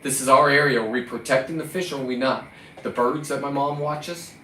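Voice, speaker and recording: A man from California rants in a combative, profane vlog monologue, even scolding the lobsters in front of him. His voice sits at an ordinary pitch for a man. The mic is some way off, in a roomy space, with faint ambient noise behind him. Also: fairly quick, far from the mic. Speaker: recreational lobster fisherman.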